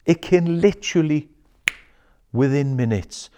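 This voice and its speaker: A man, a coach, chatting casually as a guest in an interview, animated and sweary, dropping "aye" and "mate.". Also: fairly high pitch, a little slow, a little hiss or hum. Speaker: guest, emotional intelligence coach. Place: wellness centre.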